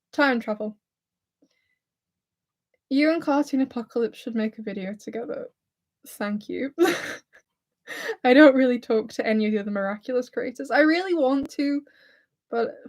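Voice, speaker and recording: A young woman talks casually on a livestream, reading viewer questions aloud and answering them. She giggles often, and her voice sits a little high. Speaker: fan content creator reading live chat.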